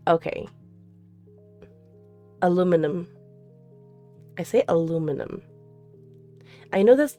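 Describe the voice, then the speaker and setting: A woman's voice: on the low side, mellow. A woman streamer chatting casually with her live chat, giggling often and answering questions as they come. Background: faint background music.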